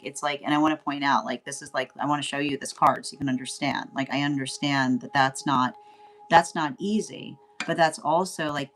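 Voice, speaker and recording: A woman's voice: deep voice, fairly bright tone. A woman giving a casual spoken tarot reading, rambling and often asking "right?" as she laughs along. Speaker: tarot reader.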